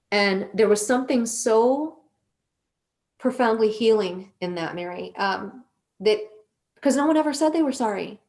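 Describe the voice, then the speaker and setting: A woman's voice: fairly high pitch, measured pace, darkish tone. A middle-aged woman, a guest on a conversational show, telling a personal story earnestly and emotionally, with frequent restarts.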